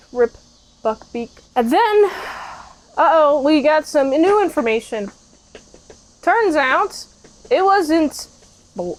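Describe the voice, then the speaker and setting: A woman with a high, light voice chats her way through a movie recap. She is playful and jokey, drops in fillers, and slips into the characters for a line or two. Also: poor audio. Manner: chatty with frequent fillers. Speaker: movie reviewer.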